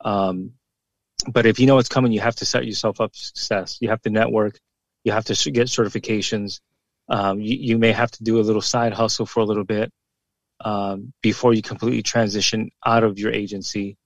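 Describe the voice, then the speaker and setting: A man in his forties, a former police officer, speaks bluntly and with emphasis, swearing freely and doubling his words as he makes a point. His voice sits low, and it is recorded dry and close with no room sound. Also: level tone, a little fast, no room sound. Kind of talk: casual podcast conversation.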